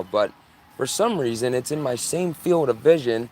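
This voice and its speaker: Man, middle-pitched voice, urgent excitable sky-watching commentary, outdoors, phone mic. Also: measured pace, a little hiss or hum. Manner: excitable, repeats himself, urgent. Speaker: livestreamer. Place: outdoors in his yard.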